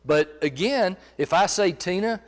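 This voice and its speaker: A man's voice: fairly high pitch, a little slow. A man presenting a marriage seminar in a church, talking conversationally and checking in with his audience. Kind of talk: teaching a seminar.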